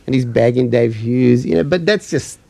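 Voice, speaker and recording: Male co-host, storyteller who acts out the quotes, mid-pitched voice, dry close sound. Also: normal speed, creaky, warm tone, no echo. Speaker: podcast co-host. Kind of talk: casual chat.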